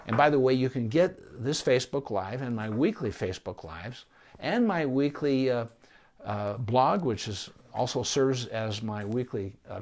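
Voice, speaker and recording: A man who is a veterinarian answers viewer questions on a live stream, explaining things calmly and patiently. His voice sits at an ordinary middle pitch. He takes his time, pausing and restarting as he talks it through. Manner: calm, measured explanations with pauses and restarts. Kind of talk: live-streamed Q&A advice talk.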